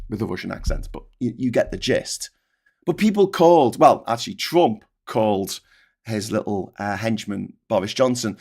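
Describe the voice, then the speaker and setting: An angry man rants through a political livestream, sarcastic and swearing freely. His voice sits at an ordinary middle pitch. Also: slightly rough. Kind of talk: ranting political commentary.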